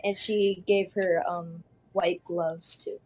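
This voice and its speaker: A woman player in a casual tabletop role-play game, describing things in a relaxed way with lots of fillers and casual swearing. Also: fairly low pitch, takes it slowly, crowd noise.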